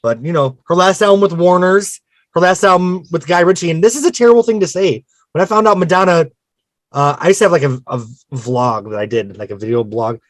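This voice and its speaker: A man's voice: on the high side, a little fast, no room sound. Chatty man hosting a music podcast. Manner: chatty, self-mocking, frank. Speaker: podcast host. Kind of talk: casual album discussion.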